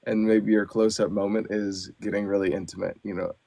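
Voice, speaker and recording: A man, an audiobook narrator and actor, chatting as a podcast guest in an animated way with lots of fillers. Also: on the low side, a little fast, creaky, no echo. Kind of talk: casual podcast chat.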